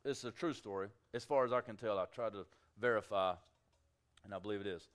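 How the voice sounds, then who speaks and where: A man preaching a sermon to his congregation, swinging between quiet, intimate asides and loud, emphatic peaks, with acted-out quotes. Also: on the low side, brisk. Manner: emphatic preaching with rising shouts and quiet drops. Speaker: pastor. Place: church sanctuary.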